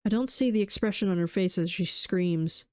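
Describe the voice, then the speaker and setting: Casting: woman streamer, mid-pitched, somber dramatic game reading, faint music underneath. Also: normal speed. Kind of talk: reading a horror visual novel aloud.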